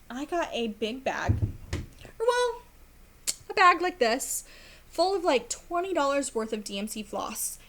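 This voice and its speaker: A rambling, chatty young woman talks to her camera at home in a fairly high voice. She fills her speech with ums and little laughs, and her voice is wearing thin as if she's losing it. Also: a bit bright. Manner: chatty, rambling, laughs often, many fillers. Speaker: cross stitch vlogger. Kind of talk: casual chat.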